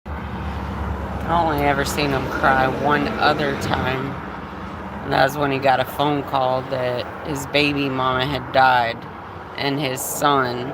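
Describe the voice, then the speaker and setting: A woman's voice: extremely low pitch, gravelly. A woman livestreaming, telling a personal story in a candid way, with a lot of swearing and laughter. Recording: noisy phone recording.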